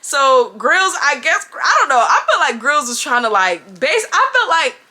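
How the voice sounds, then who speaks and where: A woman in her twenties telling a story to camera in a casual vlog. Her delivery is animated, slangy and expressive. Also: sits high, normal speed. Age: 20s. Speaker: vlogger.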